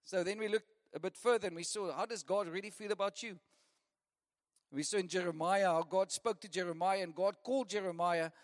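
A man preaching a lively sermon, often laughing and repeating lists for emphasis. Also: high-pitched, a little fast. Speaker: pastor. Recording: long reverb of a church hall.

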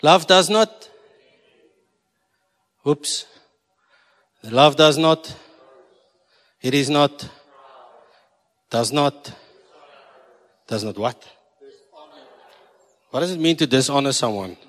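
Drawing out his words and pausing often, a pastor from South Africa preaches in an expressive, mid-range, slightly bright voice. He's jokey with his congregation and moves between English and Afrikaans, his South African accent echoing with long reverb in the church hall.

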